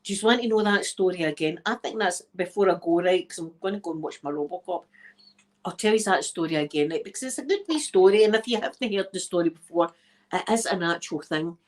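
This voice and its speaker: A woman's voice: on the low side, fast talker. A Scottish woman, an ASMR creator, chatting casually to her viewers as she tells a story, laughing often and checking in with "right?". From Scotland.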